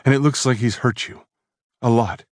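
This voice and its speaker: A man's voice: medium pitch, steady tone, normal speed, dry recording, studio quality, voice pushed up, natural voice. A man voicing a small, frightened young woman in an urgent whispered role-play.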